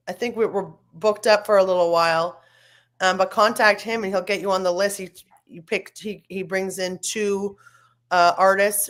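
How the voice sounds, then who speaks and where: A woman co-hosts a local radio chat show, talking in an upbeat, friendly way about gigs and music nights. Her voice sits a little low for a woman. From not from the US. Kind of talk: casual chat.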